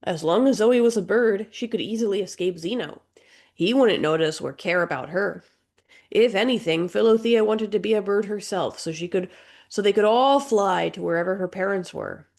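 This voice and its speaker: A woman narrating an audiobook in a measured, gentle storytelling manner. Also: medium pitch. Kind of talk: scripted narration.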